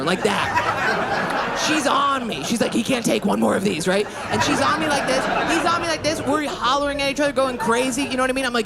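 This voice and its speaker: A woman in her thirties doing a brash, profane stand-up set on a club stage, swinging her pitch wildly when she quotes people. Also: lively intonation, moderate pace. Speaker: stand-up comedian. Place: comedy club stage before a laughing audience. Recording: live room with loud crowd laughter.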